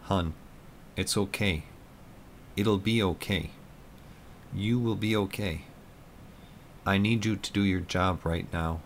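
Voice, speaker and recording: A man voicing the calm, loving spirit of a dead soldier, speaking gently. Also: sits low, slow pace, long pauses, slight background noise. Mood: gentle.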